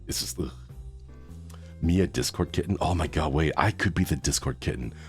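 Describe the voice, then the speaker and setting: A man's voice: a bass voice, moderate pace, faint music behind. A man in his thirties chatting casually on a live stream, reacting to chat with groans and laughs. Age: 30s.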